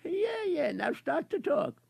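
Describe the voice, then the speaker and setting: A man's voice: very high-pitched, very animated, takes it slowly, vocal fry, darkish tone, no echo, voice pushed up, heavily acted. A man voicing a jolly male court doctor who laughs at his own jokes and brushes patients off. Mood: amused.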